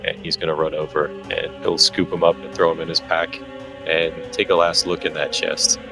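A man's voice: low-pitched, level tone, normal speed, over music. A man describing his character's actions as a player in a tabletop game, hesitant and full of filler words.

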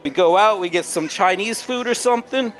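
A man doing a cocky smooth-talking flirt. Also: sits high, a little fast, a bit bright, pitched above the performer's own voice. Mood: flirtatious. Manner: brash, smug, show-off flirting.

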